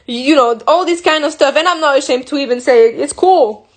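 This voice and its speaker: French woman frankly recounting, slightly high. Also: brisk. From France. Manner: emotional and frank, with frequent restarts and slips. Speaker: guest. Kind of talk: candid personal recounting.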